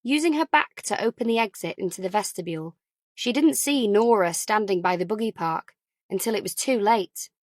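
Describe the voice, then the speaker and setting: A woman narrating a crime novel audiobook in a calm, even, quiet storytelling voice. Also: mid-range voice, normal speed, dry recording, clean studio sound.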